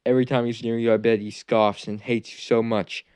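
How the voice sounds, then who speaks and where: A man's voice: medium pitch, flat delivery, a little fast, a little mellow, clean tone, no room sound, natural voice. A man voicing a scheming, treacherous male ninja teacher who taunts and gloats, in a fan-made anime story. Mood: taunting.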